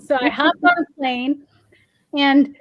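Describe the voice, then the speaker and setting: A woman telling a lively personal story in a casual chat, acting out the dialogue in it. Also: sits high, slow pace, no echo, muffled recording. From Massachusetts. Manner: animated storyteller acting out quoted dialogue with laughs. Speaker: founding president of a parent organization.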